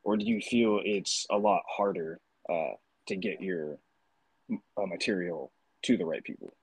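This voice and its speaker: A man's voice: low voice, normal speed, slightly rough, no room sound, low-quality recording. A man co-hosting a podcast, asking long rambling questions full of fillers and restarts. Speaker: podcast co-host. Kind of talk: casual chat.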